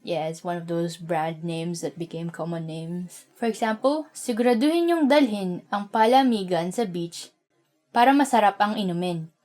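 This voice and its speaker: A woman teaching vocabulary in a relaxed, chatty way, adding personal comments between the example sentences. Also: on the low side, moderate pace, faint music behind. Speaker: language teacher. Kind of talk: casual vocabulary lesson.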